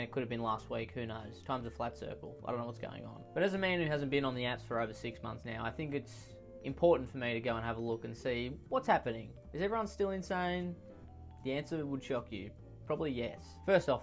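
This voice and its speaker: A man giving sarcastic reaction commentary, ranting and mocking with exasperation. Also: medium pitch. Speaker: comedy commentator.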